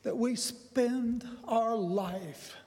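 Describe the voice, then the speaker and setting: An older man preaches in a church, mixing scripture with a folksy personal story. His voice sits very high for a man, and it rises into excited bursts as the tale builds. The sound carries a long reverb from the large sanctuary. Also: extremely slow. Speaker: pastor.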